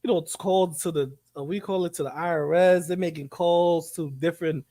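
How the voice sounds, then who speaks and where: A man co-hosting a live commentary stream, talking in an animated, profane and rambling way, often repeating himself. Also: on the high side, a little fast, no room sound.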